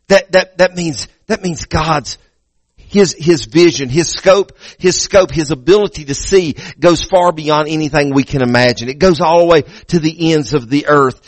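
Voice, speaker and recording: A man's voice: fairly high pitch, normal speed, no room sound. A male pastor preaching a sermon in a church, emphatic, repeating words as he restarts and building to raised peaks.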